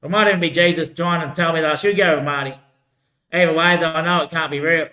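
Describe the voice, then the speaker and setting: Bright-voiced man rambling in an echoey room. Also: fairly high pitch, fairly even intonation, fast talker. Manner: repetitive, keeps saying "mate" and "bloody hell"; loose, drifting talk with frequent laughs. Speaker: vlogger. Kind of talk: rambling solo monologue.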